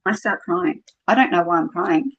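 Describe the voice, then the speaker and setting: A middle-aged Australian woman with a fairly low pitch talks at normal speed as a podcast guest. It's casual storytelling, chatty and packed with fillers and quoted dialogue. The recording is dull and lo-fi.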